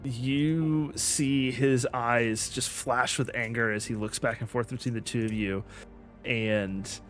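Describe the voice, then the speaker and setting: A man narrating as game master in an online tabletop game, with many ums and pauses. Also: mid-range voice, fairly even intonation, a bit bright, faint music behind. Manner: slow, with many ums and uhs.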